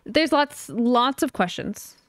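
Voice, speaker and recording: A woman's voice: a little high, lively intonation, slow pace, no room sound, studio quality. A young adult woman co-hosting a podcast in casual chat, opinionated and emphatic, sometimes swearing. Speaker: podcast co-host.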